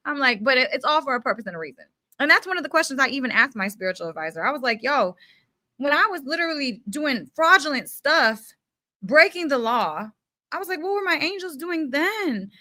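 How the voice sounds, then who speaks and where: A young woman giving an unfiltered spiritual pep talk in casual slang, emphatic and animated, with mild swearing. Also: sits high, brisk, dry recording. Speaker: spiritual self-help speaker. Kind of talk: unfiltered motivational rant.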